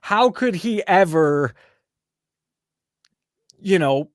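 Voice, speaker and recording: A man's voice: high-pitched, lively intonation, extremely slow, no room sound, studio quality. A man hosting a casual live call-in show, rambling and swearing as he switches between the chat and his caller. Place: home studio, fighting an echo.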